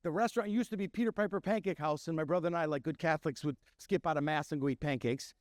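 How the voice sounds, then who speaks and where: Here the Milwaukee man, a middle-aged chef who owns a restaurant, speaks on the high side and fast. The studio sound is clean and roomless as he performs his stories for a crowd, voicing each character he quotes.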